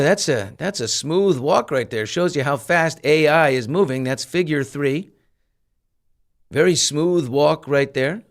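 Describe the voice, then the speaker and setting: A middle-aged man hosting a podcast, commenting casually with lots of fillers and an incredulous tone. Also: a little high. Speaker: podcast host.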